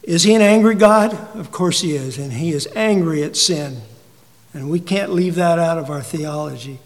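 A man preaching a sermon, asking the congregation rhetorical questions and swinging from emphatic peaks down to quiet, low asides. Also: moderate pace. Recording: long hall reverb.

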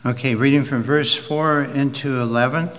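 A man preaching a sermon, slow and deliberate, rising for emphasis and reading scripture aloud. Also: medium pitch, fairly even intonation, a bit bright. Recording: long hall reverb.

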